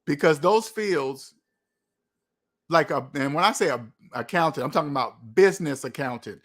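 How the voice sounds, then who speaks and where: A man hosting a livestream, answering viewers' comments in an emphatic way, slowing down to stress his points. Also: fairly high pitch, expressive, fairly bright tone. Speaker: livestream host. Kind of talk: live chat reading comments.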